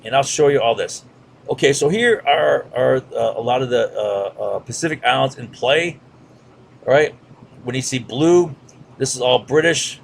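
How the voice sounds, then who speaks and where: A man's voice: medium pitch, a little slow, vocal fry, slight background noise. A man giving a casual history lecture over a map, with lots of fillers and "right?" checks. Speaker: history teacher.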